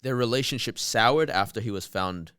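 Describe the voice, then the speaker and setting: A man's voice: mid-range voice, moderate pace, fairly bright tone, clear, resonant tone, no room sound, studio quality. A man co-hosting a podcast in casual chat, telling a story in a laid-back way. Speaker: podcast co-host.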